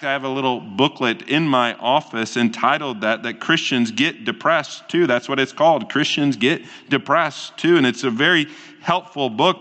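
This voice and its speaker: A man preaching a sermon as a pastor, slow and earnest, with pauses between phrases. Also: a little high, pushed and bright, big-room sound.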